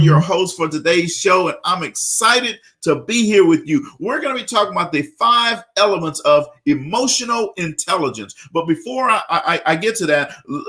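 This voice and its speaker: A man hosting a radio talk show, energetic and repetitive, often tagging on questions. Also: a little high.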